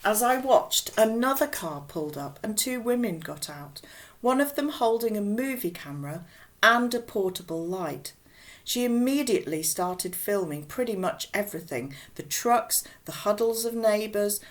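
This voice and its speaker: A woman reading a children's novel aloud with expressive, unhurried storybook narration. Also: medium pitch. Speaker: audiobook reader.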